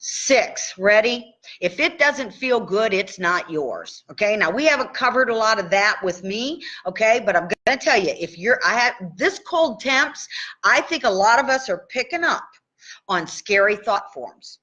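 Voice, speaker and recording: A woman coaches tapping on a casual live stream, chatty and checking in with "okay?" after each point. Her voice is medium-pitched, expressive, and sharp-toned at a measured pace, and the recording has its highs cut off.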